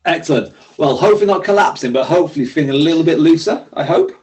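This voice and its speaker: A man's voice: on the high side, expressive, fast talker, a little mellow, rough recording. Friendly man coaching a workout. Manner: encouraging, friendly, clear step-by-step cues. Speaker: exercise instructor. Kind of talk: leading a seated workout class.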